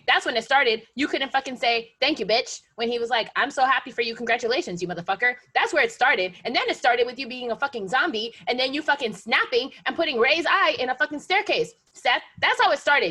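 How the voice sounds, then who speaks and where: Co-host, woman, higher voice, swears freely while ranting. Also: sharp tone. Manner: profane, ranting, fast-talking. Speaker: podcast co-host. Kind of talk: casual chat.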